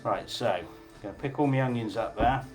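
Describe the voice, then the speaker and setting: A man's voice: medium pitch, fairly quick, music in the background. A man hosting a casual live cooking class, chatty, jokey and informal as he demonstrates.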